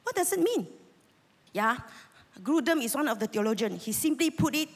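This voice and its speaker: A woman's voice: sits high, expressive, moderate pace. A woman in her fifties with a Malaysian English accent, preaching a sermon in a church with earnest, emotional fervor and rallying calls to the congregation. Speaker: lay preacher. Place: church sanctuary. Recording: long reverb of a church hall.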